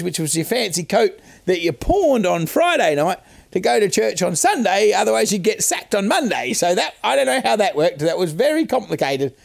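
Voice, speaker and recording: A man's voice: high-pitched, vocal fry. An older man hosting a chatty, self-mocking talk about a nursery rhyme's history, with some salty language. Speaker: host. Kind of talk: casual storytelling explainer.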